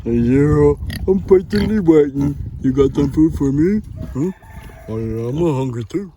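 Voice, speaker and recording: A man's voice: on the high side, lively intonation, a little slow, background noise. A man voicing his hungry male pet pig, which talks in an eager, pleading way.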